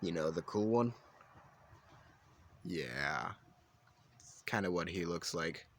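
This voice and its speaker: A man's voice: low-pitched, slow, fairly bright tone. A man telling an improvised fan story in a casual, rambling way, with restarts and side remarks.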